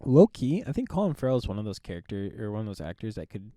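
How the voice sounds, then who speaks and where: A man co-hosts a laid-back movie review podcast. His voice is mellow and warm, and he pauses with ums and laughs easily. The sound is close and dry, with no room echo. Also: lowish voice. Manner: relaxed, laughs often, hesitant with ums. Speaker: podcast co-host. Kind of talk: casual movie review chat.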